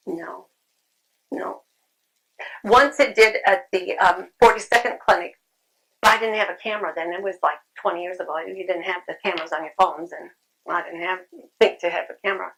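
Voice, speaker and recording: At a convention, a woman with a medium-pitched, slightly bright voice gives a brisk, conversational conference talk in a convention room. She repeats phrases and says um often, and the audio quality is poor.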